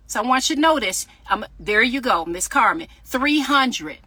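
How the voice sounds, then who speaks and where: A woman's voice: fairly high pitch, lively intonation, moderate pace, bright, forceful tone, breathy edge, no room sound. Fervent woman preaching live from her car. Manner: fervent, talks straight to viewers, reads out comments. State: sweating in a hot car. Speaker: faith podcaster and author. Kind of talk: casual livestream preaching. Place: parked car. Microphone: phone livestream.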